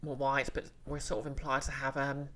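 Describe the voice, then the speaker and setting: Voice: mid-range voice, flat delivery, a little fast, pushed and bright. A streamer playing a game and chatting with viewers in a rambling, casual way, full of fillers and restarts. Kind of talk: casual game livestream chat.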